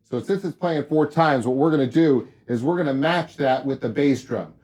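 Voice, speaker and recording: A man's voice: medium pitch, moderate pace. Upbeat man teaching drums. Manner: relaxed, upbeat, talks to viewers directly. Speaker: drum teacher. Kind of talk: casual drum lesson. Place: drum studio.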